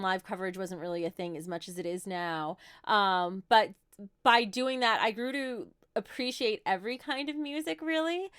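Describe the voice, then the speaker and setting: Woman, thirties, New Jersey accent, relaxed livestream chat, dry close sound. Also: medium pitch, clean tone, dry recording. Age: 30s. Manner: chatty, answers viewer questions with frequent light laughs. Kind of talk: casual livestream Q&A.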